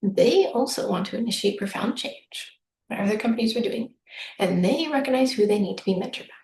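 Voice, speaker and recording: A woman's voice: medium pitch, animated, a little fast, darkish tone. A woman coach giving a casual, upbeat solo reading, chatty and often acting out what her clients might say. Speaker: human design business coach. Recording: echoey room with faint noise.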